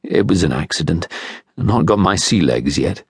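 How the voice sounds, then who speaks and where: A gentle, courteous older father , voiced by a male narrator, speaks in a deep, low and unhurried manner. The tone is slightly husky and steady. The recording is dry and close, in the manner of an audiobook. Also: no room sound, heavily acted. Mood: calm. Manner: calm and courteous. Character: calm, polite older father.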